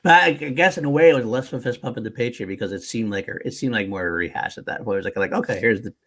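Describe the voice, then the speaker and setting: A man co-hosting a podcast, chatting casually about movies, gushing and often dropping into hushed, whispered asides. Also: medium pitch, racing. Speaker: podcast co-host. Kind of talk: casual film-discussion chat.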